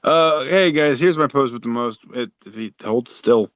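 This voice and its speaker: Smooth-voiced man on a muffled line. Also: mid-range voice, normal speed, a bit bright, dry recording. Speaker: podcast co-host. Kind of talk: casual podcast chat.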